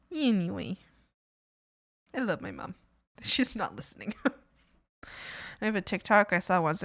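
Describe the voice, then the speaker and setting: A woman's voice: medium pitch, fairly bright tone, dry recording, clean studio sound. A young woman from Canada chatting casually on a stream, rambling and swearing with many fillers. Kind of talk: casual chat.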